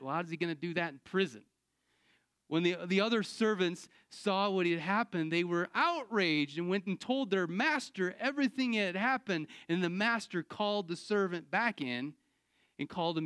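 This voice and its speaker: High, animated man preaching a sermon. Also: smooth, no room sound, clean studio sound. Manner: emphatic, animated preaching with sudden exclamations. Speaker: pastor. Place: church.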